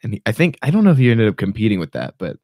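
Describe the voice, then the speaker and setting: A young man hosting a podcast in casual chat, rambling with restarts and sudden jumps in pitch. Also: huge pitch swings, very fast, darkish tone, no echo, studio quality. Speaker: podcast host.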